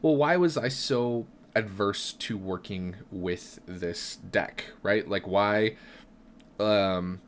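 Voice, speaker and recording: A man's voice: lowish voice, takes it slowly, a little hiss or hum. A young adult man hosting a tarot live stream, talking in a reflective, chatty way, often checking in with "right?" and restarting his sentences. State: has hiccups. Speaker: tarot reader and channel host. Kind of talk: live-stream casual talk.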